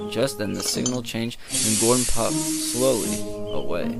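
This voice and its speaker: A man narrating a children's train story in a lively storybook manner. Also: lowish voice, measured pace, vocal fry, few pauses, music in the background.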